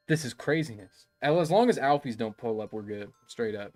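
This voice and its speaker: A young man livestreaming a game, chatting loosely and joking with his viewers as he plays. His voice sits at an ordinary middle pitch. Faint game music runs in the background. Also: expressive, moderate pace, hardly any pauses. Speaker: game streamer. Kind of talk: casual live-stream commentary.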